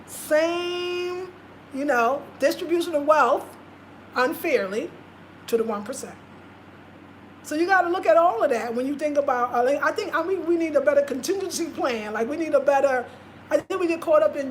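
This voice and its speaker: A woman's voice: high voice, lively intonation, normal speed, a little hiss or hum. A woman vlogger talking casually and passionately, repeating her points for emphasis. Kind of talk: casual live-stream talk.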